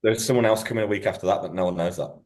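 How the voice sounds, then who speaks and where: A man chatting as a podcast guest, excitable and full of slang and swearing. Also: on the low side, rapid-fire. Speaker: guest, bodybuilding prep coach. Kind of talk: casual podcast chat.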